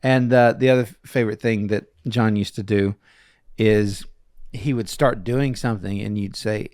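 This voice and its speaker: A man's voice: medium pitch, moderate pace, a little mellow, dry recording, studio quality. A man in his forties, a podcast co-host, telling family stories in a rambling, chuckling way with many restarts. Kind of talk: casual chat.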